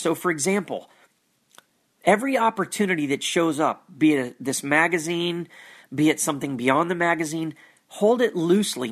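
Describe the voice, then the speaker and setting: A man's voice: a little high, fairly bright tone. A man giving an earnest, reflective talk about his faith, often searching for words and repeating phrases. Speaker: Christian vlogger.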